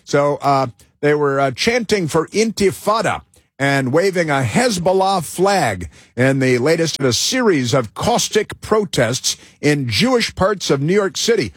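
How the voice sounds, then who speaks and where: A male radio host with a husky voice holds forth in an emphatic, meandering political monologue. He trips over fillers and restarts his sentences. The sound is close and dry, with no room in it. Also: fairly high pitch, lively intonation, a little slow, no room sound. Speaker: radio talk show host.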